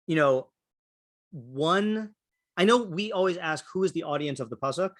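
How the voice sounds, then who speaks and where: A man's voice: a little high, fairly bright tone. A man teaching a Torah class, thinking aloud through many fillers and restarts while calling on students. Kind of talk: interactive Torah class discussion.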